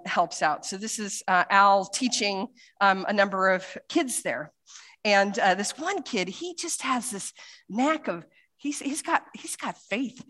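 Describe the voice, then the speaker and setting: A woman missionary speaking to a church congregation in a loose, chatty way, stumbling through restarts and fillers. Her voice sits at a middle pitch, and she jumps into little acted quotes as she tells her stories. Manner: lively storytelling with acted quotes. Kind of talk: church talk with slides.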